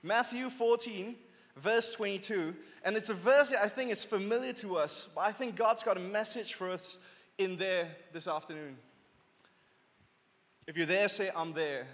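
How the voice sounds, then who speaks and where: A man in his thirties preaching a youth sermon, lively and urging the crowd to call back. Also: fairly high pitch. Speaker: youth pastor. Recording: long hall reverb.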